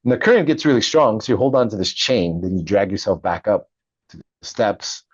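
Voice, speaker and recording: A middle-aged man, a veteran, telling his story in a casual interview, animated and laughing often. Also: lowish voice, a little fast, husky, no room sound, lo-fi sound. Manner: animated, laughs often, acts out quoted voices. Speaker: podcast guest, Navy veteran and author.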